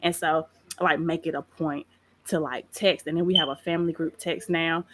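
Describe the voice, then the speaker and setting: Woman, podcast guest, casual chat, bright voice, lively storyteller. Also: deep voice, normal speed, a little hiss or hum. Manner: laughs often while talking. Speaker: guest, pastry chef.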